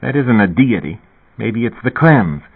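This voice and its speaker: A man voicing a calm, devout young woman who explains things reasonably, his voice lifted a little higher. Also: a little slow, slightly rough. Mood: amused. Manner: calm, reasonable, lightly pitched-up. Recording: tinny phone-like radio sound.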